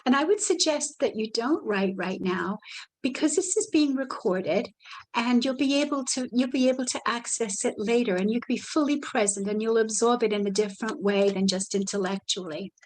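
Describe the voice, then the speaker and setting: A woman with a somewhat high voice leads a live online workshop. She talks gently and soothingly, drifting into soft guided imagery as she teaches, and speaks from an indoor video call. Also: normal speed, low-quality recording. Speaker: workshop presenter.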